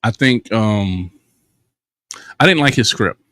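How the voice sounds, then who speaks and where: A man's voice: on the low side, animated, slow pace, bright, forceful tone, no echo, clean studio sound. Man with a Louisiana accent, casual chat. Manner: conversational, says "you know" a lot, explains filmmaking. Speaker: co-host.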